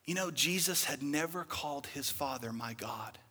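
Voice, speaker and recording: Husky preacher man in a reverberant hall. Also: a little high, moderate pace. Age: young adult. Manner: dramatic preaching, swinging from shouts to whispers. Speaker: pastor. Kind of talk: sermon.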